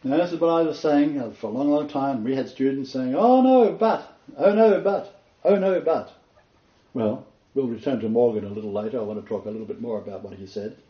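A man's voice: mid-range voice, quick pace, echoey room, dull audio. A man giving sermon-style Bible teaching, reading quotations with expression and adding his own asides. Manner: reads poetry and quotes expressively, then comments in asides.

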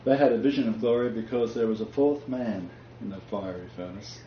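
Emphatic man in a roomy lo-fi room. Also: lowish voice. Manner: emphatic, preacherly, quick to laugh. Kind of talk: casual bible discussion. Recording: roomy, dull lo-fi recording with faint noise.

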